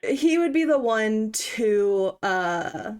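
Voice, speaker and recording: A woman co-hosting a casual chat about a horror game, relaxed, laughing along and reading out chat. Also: a little high, extremely slow, clear, resonant tone. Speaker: co-host.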